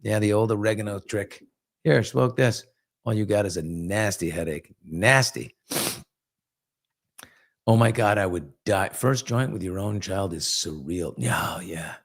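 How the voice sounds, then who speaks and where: Gravelly man telling loose candid stories. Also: low-pitched, measured pace. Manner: candid, rambling storytelling. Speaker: host. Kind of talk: casual live chat reading comments.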